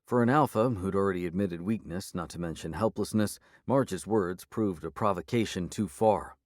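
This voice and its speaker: A man narrating an urban fantasy audiobook in the first person, measured and steady. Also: low voice, no room sound, studio quality.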